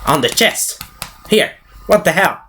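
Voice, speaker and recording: With a voice that sits high and sounds expressive and sharp, this man recaps a movie at a measured pace, cursing freely and acting out the scenes. He rambles casually, often restarting and correcting himself, and a faint hiss or hum is audible.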